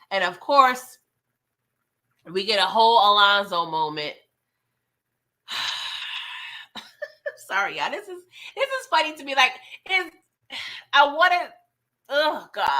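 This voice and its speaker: A woman's voice: on the high side, pushed and bright. A woman hosting a casual live show recap, chatty and laughing often, retelling scenes in quoted voices. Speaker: TV recap host.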